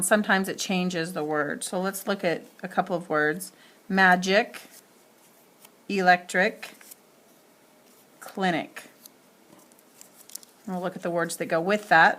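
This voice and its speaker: A woman's voice: medium pitch, fairly bright tone. A woman teacher giving a spelling lesson, speaking carefully and spelling words out letter by letter.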